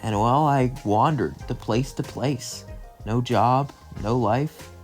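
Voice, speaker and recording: A man voicing a sad, earnest young male imp who speaks softly and wistfully. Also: mid-range voice, takes it slowly, faint music behind, natural voice.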